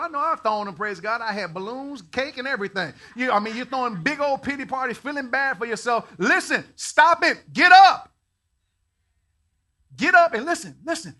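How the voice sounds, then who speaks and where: A man with a high, bright voice preaches a sermon. He swings his pitch widely, moving from folksy, relaxed storytelling to ringing calls for his listeners to answer him. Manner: folksy storytelling that builds to loud exhortation. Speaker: pastor.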